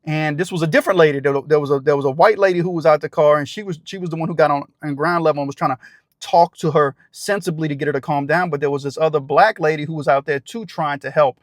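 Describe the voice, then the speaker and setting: A man telling a true story to his viewers, excited and rambling, acting out the shouts of the people in it. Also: a little high, fast talker, dry recording, studio quality. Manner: excited, acts out shouted quotes, rambling restarts. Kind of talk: animated storytelling to camera.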